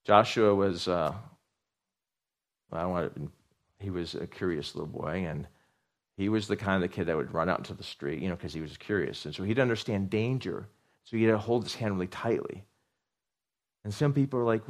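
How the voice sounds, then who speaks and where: A middle-aged man preaching a sermon, animated, repeating words for emphasis and asking his congregation questions. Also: fairly low pitch, normal speed, pauses often. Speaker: pastor.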